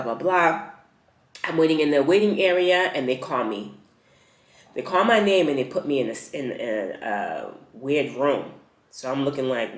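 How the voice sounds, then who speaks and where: Lively young woman vlogger, roomy sound. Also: lowish voice. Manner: animated retelling, acts out dialogue, slangy. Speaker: travel vlogger. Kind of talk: casual storytelling vlog. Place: rented apartment room.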